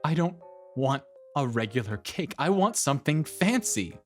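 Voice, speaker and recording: A man's voice: medium pitch, very animated, normal speed, pitched above the performer's own voice, natural voice. A man voicing a demanding young bride who sobs and wails indignantly, with background music. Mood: indignant whining. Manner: wailing, indignant, dragged-out words. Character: shrill sobbing young bride, demanding and entitled.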